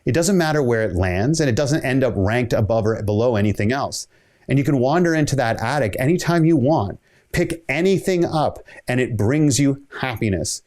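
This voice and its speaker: A man's voice: mid-range voice, lively intonation, moderate pace, darkish tone. A man giving a motivational keynote talk, telling a story conversationally and voicing the dialogue of the people in it. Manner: conversational, builds stories with quoted dialogue. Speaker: keynote speaker.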